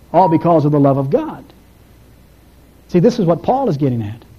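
A male pastor with a high, mellow voice delivers a sermon in a storytelling way. He climbs higher when he quotes someone. The recording is dull and lo-fi. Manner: storytelling, rising in pitch when quoting.

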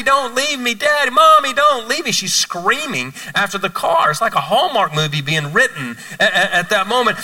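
A male pastor preaching a sermon from a church stage, telling stories in a lively, playful way. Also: a little high, distant mic, low-quality recording.

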